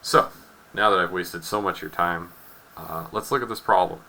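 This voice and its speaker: A man's voice: sits low, steady tone, normal speed, creaky, bright, forceful tone, poor audio. A man in his twenties, a chemistry teacher telling a wry classroom story and then working through a problem. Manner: wry storytelling, acts out students' voices. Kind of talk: recorded chemistry lesson with anecdote.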